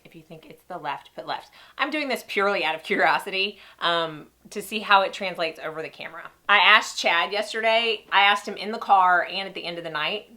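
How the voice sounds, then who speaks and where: A makeup artist vlogger with a stuffy nose from a sinus cold chats casually and directly to viewers while reviewing and demonstrating makeup. Her lowish voice has a sharp, nasal tone.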